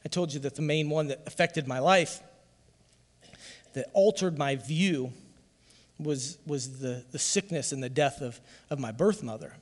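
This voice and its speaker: A male pastor gives a heartfelt testimony from the pulpit, his somewhat high voice swelling into loud emphasis. The sound carries a long reverb from the church hall. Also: a little slow. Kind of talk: sermon.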